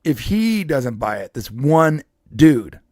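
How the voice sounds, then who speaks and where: A man's voice: medium pitch, sing-song, takes it slowly, darkish tone, dry recording, clean studio sound. A man co-hosting a podcast, telling a long rambling neighborhood story in casual chat, with frequent restarts and laughs. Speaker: podcast co-host.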